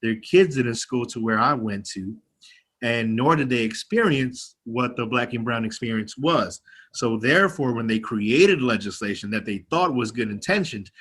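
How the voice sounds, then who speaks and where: A young legislator from county government speaks with a twang in a medium-pitched, slightly bright and slightly rough voice. At an online meeting with an activist group, he gives a rousing, candid personal speech full of swearing.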